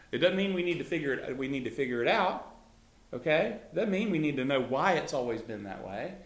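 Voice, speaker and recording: A man's voice: a little high, lively intonation, moderate pace, echoey room. A man leading a Bible study in a conversational teaching style, chuckling often and talking loosely with fillers.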